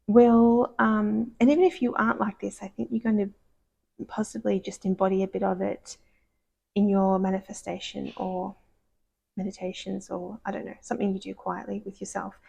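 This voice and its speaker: Woman, tarot reader, gravelly, rambling, gushing, soft-spoken, whispered asides. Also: mid-range voice, little pitch movement, normal speed. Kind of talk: casual tarot reading to camera. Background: dogs barking.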